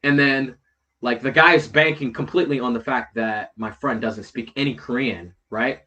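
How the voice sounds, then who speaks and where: Bright-voiced man telling a rambling story. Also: medium pitch, normal speed, muffled recording. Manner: rambling, slangy, swears freely. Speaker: guest. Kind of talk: casual chat.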